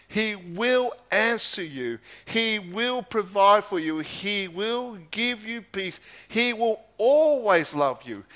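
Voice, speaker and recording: A man's voice: high voice, sharp tone. A man preaching a sermon, reading scripture aloud and driving home key phrases by repeating them.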